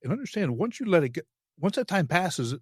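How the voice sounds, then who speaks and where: A man hosting an interview podcast in casual chat, talking haltingly with many restarts. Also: sits high, sing-song, a little mellow, breathy edge, no echo, studio quality. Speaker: podcast host.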